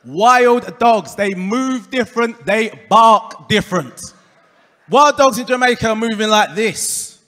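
He's a male stand-up comedian from England, Essex-accented, with a high, bright voice and a slightly slow delivery. His set on a reverberant comedy club stage before a live audience mixes deadpan punchlines, crowd work and impressions of the people he quotes.

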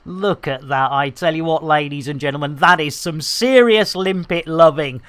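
A woman's voice: low-pitched, normal speed, no room sound. A woman streamer giving cheeky, bantering live commentary into a desk microphone.

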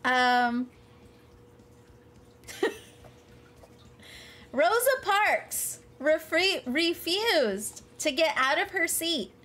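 A woman's voice: very high voice, expressive, very slow, long pauses, fairly bright tone. A woman streamer chatting casually with her live chat, laughing often and talking to viewers by name. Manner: giggly, frequent laughter, chatty asides to chat.

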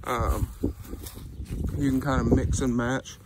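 A man's voice: medium pitch, slow, heavy background noise. A man giving a casual, rambling review of his truck hitch outdoors, with lots of ums and y'all. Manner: relaxed, rambling, many "um"s and "y'all".

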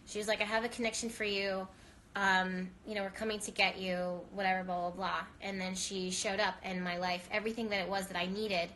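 A woman's voice: mid-range voice, sharp tone, slight background noise. A woman hosting a live stream, talking tearfully and earnestly, rambling with many restarts as she cries. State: teary, voice shaking from crying. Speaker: spiritual reader and live-stream host. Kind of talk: emotional live-stream monologue.

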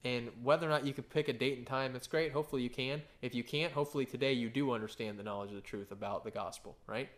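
Talking fast with hardly a pause, a pastor in his thirties delivers a chatty, story-filled sermon and keeps asking "right?". His voice sits in the mid range.

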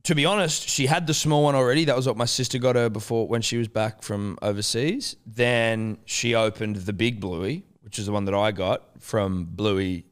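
A man in his thirties with an Australian accent, co-hosting a podcast in casual chat, a lively storyteller who swears freely. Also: lowish voice, normal speed, few pauses, clean tone. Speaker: podcast co-host.

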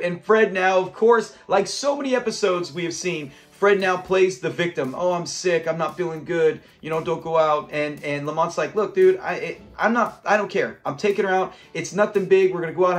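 A man from Southern California casually recapping a sitcom episode, chatty and quick to laugh as he acts out the lines. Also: sits high. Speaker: host of a sitcom review channel.

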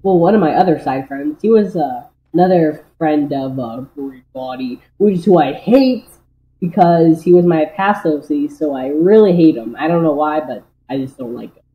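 Young creator voicing a homemade cartoon, rambly and hesitant, mid pitch, echoey room. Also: moderate pace, narrow, tinny audio. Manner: rambling, hesitant, full of fillers. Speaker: creator voicing all characters. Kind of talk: amateur cartoon voice-over.

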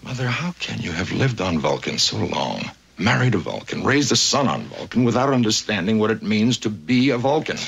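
An actor playing a stern, logical male Vulcan who speaks in a measured, controlled way. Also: on the low side, sing-song, vocal fry, a bit bright, husky, muffled recording, full character voice. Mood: cool, reasoning.

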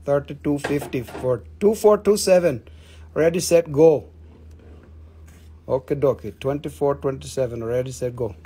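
A man hosting a live rock sale, joking, excitable and swearing freely as he runs quick auctions. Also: a little high, noisy background. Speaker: livestream rock seller. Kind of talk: live auction sales chat.

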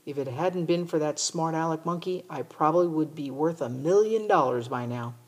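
A woman's voice: sits low, moderate pace, breathy edge. A woman reading aloud, voicing a stubborn, defensive country boy in a storybook. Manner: defensive, exasperated.

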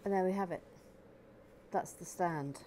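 A woman's voice: lowish voice, unhurried, background noise. A woman hosting a casual building vlog, chatty and self-deprecating, with frequent stammers. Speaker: host.

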